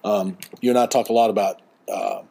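A man's voice: on the low side, wildly swooping pitch, fairly quick, gravelly, warm tone. Laid-back guy in his 40s hosting a podcast, chatty, chuckles a lot. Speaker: podcast host. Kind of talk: casual chat. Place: beach vacation home.

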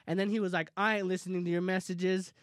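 A young man casually telling a heated story among friends, profane and animated, often laughing. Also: sits high, fast talker, no echo, studio quality.

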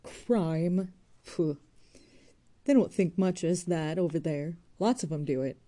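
A woman reading aloud voices a blunt, careless young woman who speaks briskly and forcefully. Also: on the low side. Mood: defiant.

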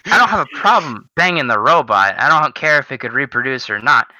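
Very bright-toned young man, rambling candidly. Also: mid-range voice, expressive, fairly quick, no room sound, highs cut off. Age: young adult. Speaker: podcast co-host. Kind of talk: casual chat.

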